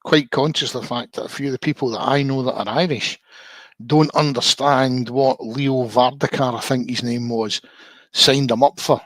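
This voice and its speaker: A man at a middle pitch chats calmly as a guest on a stream. He is measured and pokes fun at himself. His voice sounds dry and close, with no room echo. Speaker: guest on a livestream. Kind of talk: casual chat.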